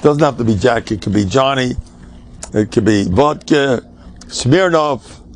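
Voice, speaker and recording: A man's voice: mid-range voice, animated, measured pace. An older man, a rabbi giving an informal Torah class, emphatic and joking, mixing in Yiddish and Hebrew words. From United States.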